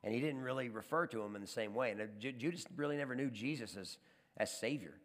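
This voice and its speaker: A male pastor delivers a sermon in an animated storytelling manner, often repeating and restarting words. His voice sits in a middle pitch range, and a long reverb trails behind it as in a large hall. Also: quick pace.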